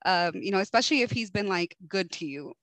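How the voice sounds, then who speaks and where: A woman's voice: mid-range voice, animated, brisk, rough recording. A young woman co-hosting a podcast, chatting casually and giving advice with lots of fillers and tag questions. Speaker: podcast co-host. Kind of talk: casual chat.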